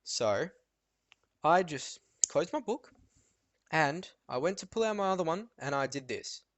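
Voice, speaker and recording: A teenage boy vlogging an animated rant about school, telling stories with lots of fillers and restarts. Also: on the high side, a little slow, dry recording. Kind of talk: ranting monologue vlog.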